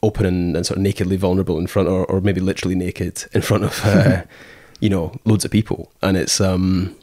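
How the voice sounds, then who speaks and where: A man's voice: sits low, level tone, a little fast, a little mellow, no echo, studio quality. A Scottish man in casual conversation, rambling with many fillers and acting out quoted thoughts as he tells stories. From Scotland. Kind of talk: casual chat.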